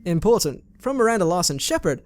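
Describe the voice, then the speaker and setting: Man, game commentary host, higher-pitched, dry close sound, rambles into side remarks. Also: animated, moderate pace, a little mellow, dry recording. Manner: chatty, reads in-game mail aloud with asides. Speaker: let's play host. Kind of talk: casual gameplay commentary.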